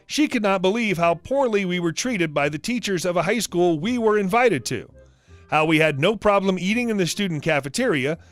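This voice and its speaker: A man narrating reddit stories aloud, with lively storytelling and acted quotes. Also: sits high.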